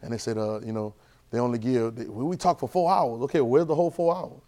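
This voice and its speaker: A man teaches a church Bible class in a lively, conversational way, repeating phrases and putting questions to the class. His voice is medium-pitched and he talks fast.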